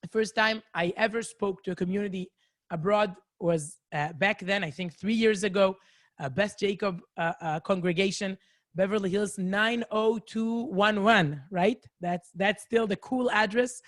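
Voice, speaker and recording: A woman from Israel speaks English with an Israeli accent, telling her story to a faraway community over a video call. She is chatty and self-mocking, full of little asides. Her voice sits at a middling pitch, and the sound is dry and close. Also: normal speed, no room sound. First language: Hebrew. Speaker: guest lecturer. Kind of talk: lively storytelling talk to a community. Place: home in a city, indoors.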